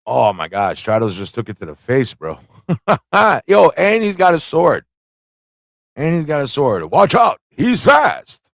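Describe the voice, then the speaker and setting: A man hosting a live comic review stream, excitable, laughing and slangy as he reacts. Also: mid-range voice, a little slow, creaky, long pauses, no echo, clean studio sound. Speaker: host.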